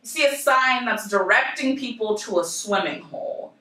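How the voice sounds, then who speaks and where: A woman's voice: fairly high pitch, normal speed. Young woman telling a story in a roomy space. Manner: lively, addresses the audience directly, acts out quoted voices. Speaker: presenter at a university civic engagement center. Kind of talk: storytelling presentation to students. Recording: roomy, from a distance.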